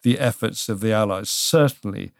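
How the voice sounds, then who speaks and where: A British man co-hosting a casual history chat, telling it in a measured, dryly wry way. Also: lowish voice, vocal fry, dry recording, clean studio sound. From Britain.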